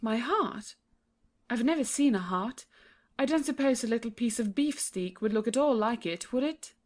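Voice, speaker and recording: A woman's voice: on the high side, expressive, normal speed, darkish tone. A woman voicing a young, trusting princess, earnest and pleading in a childlike way.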